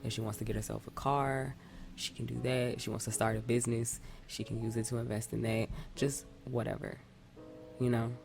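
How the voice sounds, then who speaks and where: Brief: woman podcast co-host, very deep and gravelly, congested nasal tone, rambling casual chat. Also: level tone, a little fast, darkish tone, faint music behind. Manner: rambling, restarts often. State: stuffy nasal voice from a cold.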